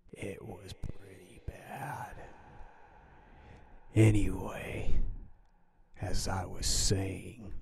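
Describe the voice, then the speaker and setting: A man narrating a homemade scary story in a hushed, half-whispered voice. His tone is low and husky, and his pace is very slow and rambling. The sound is close and dry. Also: dry recording. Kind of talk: casual spooky storytelling.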